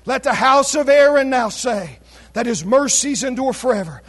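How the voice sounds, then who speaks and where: Very high-voiced preacher, shouting. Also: male voice, lively intonation, normal speed, slightly rough. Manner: preaching with frequent shouted exclamations; reads scripture in King James wording. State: losing his voice. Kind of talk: sermon.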